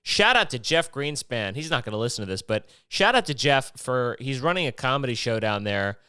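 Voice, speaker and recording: A man's voice: medium pitch, lively intonation, fairly quick, pushed and bright, clear, resonant tone, no echo, studio quality. A man from Maryland hosting a casual solo podcast, rambling and profane and jumping between topics. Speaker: podcast host.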